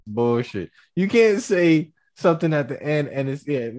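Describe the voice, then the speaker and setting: A man co-hosting a podcast in casual banter, animated, acting out phrases in different tones and laughing often. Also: a little high, moderate pace, slight background noise. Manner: animated, acts out phrases with shifting tone; laughs often while arguing.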